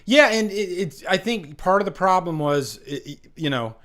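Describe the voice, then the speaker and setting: A man hosting a casual live stream chat over a webcam, rambling, repeating himself and filling pauses with fillers. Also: high voice, animated, fairly bright tone.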